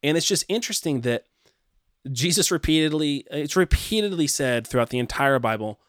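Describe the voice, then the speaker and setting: A man's voice: fairly high pitch, expressive, normal speed, no room sound, clean studio sound. A man in a casual faith discussion, thinking aloud reflectively with frequent fillers and restarts.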